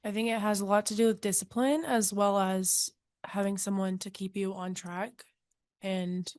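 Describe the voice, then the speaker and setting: Woman giving short, quiet answers. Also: mid-range voice, steady tone, moderate pace, no room sound, clean studio sound. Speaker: panel guest.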